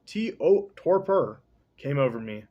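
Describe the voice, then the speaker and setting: A man hosting a podcast, casually recapping and reading a novel with slangy, rambling, deadpan asides. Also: a little high, unhurried, lo-fi sound.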